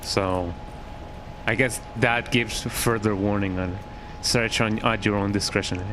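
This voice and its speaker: A man's voice: lowish voice, fairly even intonation, measured pace, noisy background. Rambling jokey male game streamer. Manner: rambling, jokey, tags lines with "eh". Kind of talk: casual gameplay chat.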